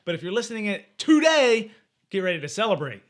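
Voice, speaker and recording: A man's voice: sits high, sing-song, fairly bright tone. A young man co-hosting a podcast, chatting casually and riffing with jokes. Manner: playful, jokey, quick to riff. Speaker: podcast co-host. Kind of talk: casual chat.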